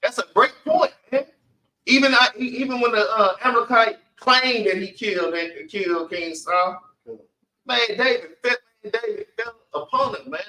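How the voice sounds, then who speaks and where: High, bright-voiced man teaching a Bible class. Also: normal speed. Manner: emphatic, calls everyone man, urges reading on. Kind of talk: preaching commentary on scripture. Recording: echoey room, far from the mic.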